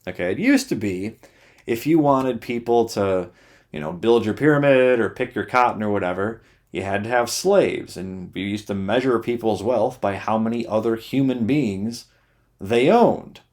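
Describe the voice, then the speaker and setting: A man's voice: fairly low pitch, normal speed, darkish tone. Blunt, sweary man ranting. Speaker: YouTuber. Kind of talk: sarcastic ranting monologue.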